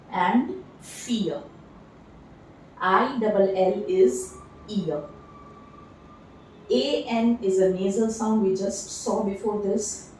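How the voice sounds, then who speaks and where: A woman's voice: mid-range voice, warm tone. Woman, pronunciation teacher, spells letters, repeats words, roomy echo, faint hiss. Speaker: French language trainer. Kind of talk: slow pronunciation lesson. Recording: echoey room heard from a distance.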